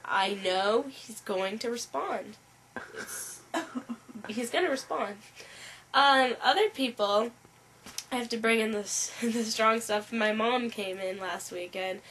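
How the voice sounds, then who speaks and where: A woman's voice: fairly high pitch, slow, long pauses, fairly bright tone. A woman speaking in a smug, matter-of-fact way, answering an interviewer and sometimes drawing her words out. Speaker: comedic confessional speaker. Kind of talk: deadpan mock interview. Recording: faint background noise.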